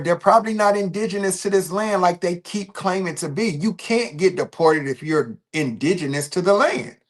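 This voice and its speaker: High-voiced man hosting a loose livestream. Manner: loose and repetitive, restarting phrases, emphatic then trailing off quietly. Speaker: livestream host. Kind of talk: casual livestream talk.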